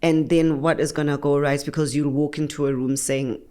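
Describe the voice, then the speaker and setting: A woman's voice: deep voice, brisk. A young adult woman, an actress talking earnestly as an interview guest. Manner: earnest, animated, acts out quotes. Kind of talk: conversational interview.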